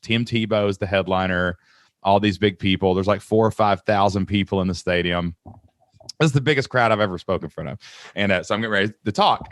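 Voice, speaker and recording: A man's voice: low voice, no room sound, studio quality. A man in his thirties with an American accent, hosting a podcast interview and telling stories with lots of enthusiasm. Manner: enthusiastic, animated storytelling with quoted voices. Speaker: podcast host.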